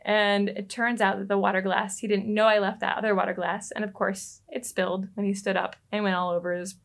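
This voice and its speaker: Woman, relationship coach, podcast guest, lively storytelling, laughs often, medium pitch. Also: fairly quick. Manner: animated, laughs often and acts out quoted lines. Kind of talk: personal storytelling in a podcast interview.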